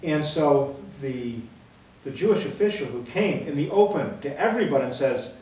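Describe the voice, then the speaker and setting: Speaking with a slightly high, slightly mellow and expressive voice at a moderate pace, a man delivers a conversational sermon, often asking "right?" The recording comes from a very echoey room with the microphone at a distance.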